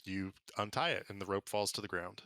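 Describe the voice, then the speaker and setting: A man narrating as game master for a tabletop game, relaxed and casual, with many fillers. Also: on the low side, dry recording. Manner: relaxed, filler-heavy narration with quick voiced bits for side characters.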